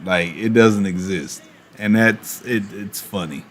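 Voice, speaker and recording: A man streaming and chatting casually, animated, with quick asides and laughs. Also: lowish voice, slight background noise. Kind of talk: casual chat while opening cards.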